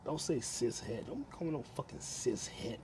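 A man's voice: mid-range voice, expressive, normal speed, noisy background. A man hosting a crude solo podcast from his home kitchen, rambling, swearing constantly and laughing at his own jokes. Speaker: podcast host.

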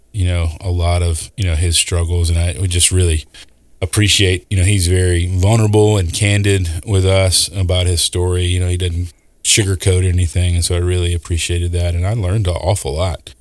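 A man's voice: low voice, steady tone, normal speed, no echo. A man co-hosting a podcast in casual chat, often chiming in to agree. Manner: warmly agreeing, lots of affirmations. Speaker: podcast co-host.

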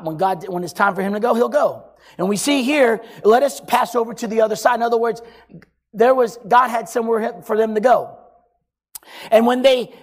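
A preacher delivering an emphatic sermon, swinging between loud exhortation and hushed, quiet passages. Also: mid-range voice.

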